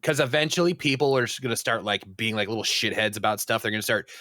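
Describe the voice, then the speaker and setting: A man's voice: lowish voice, quick pace, pushed and bright, dry recording, clean studio sound. A man co-hosting a podcast, telling gaming stories in casual chat and swearing a lot. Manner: storytelling, swears a lot, acts out others' lines. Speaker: podcast co-host.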